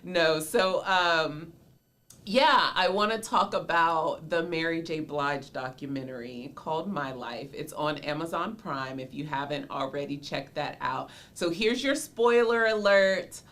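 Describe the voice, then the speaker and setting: Fields. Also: female voice, low voice, measured pace, a bit bright. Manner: chatty and nostalgic, laughs often, says "y'all". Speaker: podcast host and mother. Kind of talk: casual solo podcast chat.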